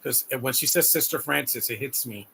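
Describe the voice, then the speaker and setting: Gravelly man giving live movie commentary. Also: medium pitch, normal speed, sharp tone, slight background noise. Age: adult. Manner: rambling, heartfelt, repeats words.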